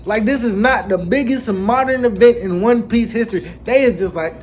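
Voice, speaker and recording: A man hosting a casual anime chapter recap, telling it with lively slang and acting out the characters. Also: high-pitched, moderate pace, few pauses. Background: faint background music.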